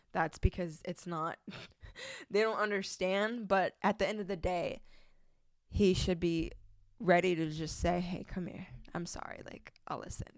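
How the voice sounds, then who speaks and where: Young woman doing a faith podcast, kinda low voice, laughs a lot, dry close sound. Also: no room sound. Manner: casual, chatty, laughs often, reads scripture aloud. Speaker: podcast host. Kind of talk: faith-based advice talk.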